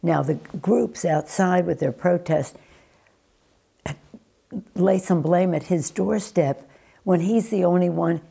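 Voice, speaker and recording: Older woman, news interview, husky, dark mellow tone, emphatic, restarts sentences. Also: lowish voice. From United States. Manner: deliberate, emphatic, with frequent restarts and fillers. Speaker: interviewee, former politician.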